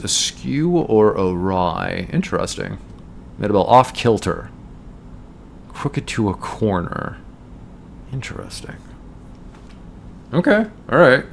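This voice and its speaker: A man's voice: low-pitched, creaky, slight background noise. A man streaming a game, chatting casually and musing aloud about words as he plays. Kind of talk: casual gameplay commentary.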